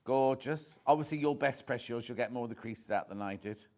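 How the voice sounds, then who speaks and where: A man's voice: mid-range voice, a little fast, darkish tone. A British man presenting on a live shopping channel, chatty and prone to repeating words as he reads out viewer messages.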